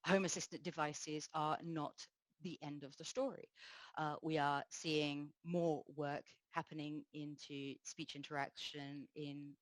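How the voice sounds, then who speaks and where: A woman giving a technical conference talk, explaining in a measured way with frequent pauses and fillers. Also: low-pitched, no room sound, rough recording. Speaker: conference speaker.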